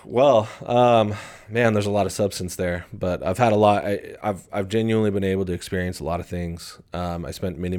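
Deep voiced guy in his 20s, podcast guest, earnest and thoughtful. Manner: earnest, reflective, animated when excited. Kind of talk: casual podcast conversation. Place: podcast studio.

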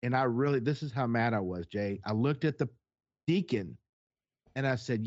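A man's voice: medium pitch, animated, normal speed, darkish tone. A man telling a heated personal story in casual conversation, blunt and profane as he recounts what happened. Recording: dull lo-fi sound.

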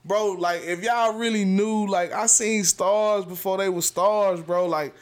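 A man guest on a podcast, telling animated stories in casual slang, dropping "bro" constantly. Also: high-pitched, unhurried, crowd noise. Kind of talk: casual storytelling.

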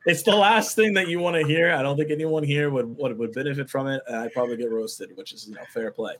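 A man being interviewed as a guest, speaking in a relaxed, casual way with frequent "like" fillers. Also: medium pitch, fast talker. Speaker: guest, sales content creator.

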